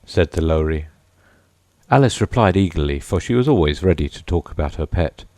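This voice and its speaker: A man reads a children's storybook aloud in an expressive, measured way. His voice is low, but his pitch moves a lot. The recording is close and dry. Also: dry recording. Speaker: narrator. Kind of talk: storybook audiobook narration.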